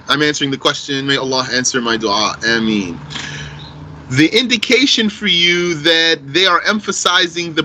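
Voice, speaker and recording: A man teaching an Arabic grammar class in English, explaining terms slowly, repeating key phrases and quizzing his students. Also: fairly high pitch, bright, forceful tone, slight background noise, rough recording.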